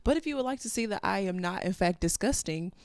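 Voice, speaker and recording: A woman co-hosting a podcast in casual chat, animated and quick to exclaim in disbelief, talking into a microphone. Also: medium pitch, no room sound, studio quality. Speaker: podcast co-host.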